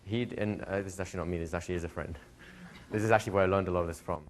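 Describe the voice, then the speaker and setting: A man's voice: low-pitched, steady tone, racing, a little hiss or hum. A man, a hypnosis instructor, answering a student's question in a live workshop, telling stories, laughing and acting out quoted dialogue. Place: training room with students.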